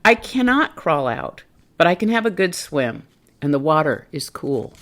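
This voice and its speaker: A woman voicing a cheerful, boastful male duck in a storybook read-aloud, in a raised, bright voice. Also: low-pitched, very animated, normal speed.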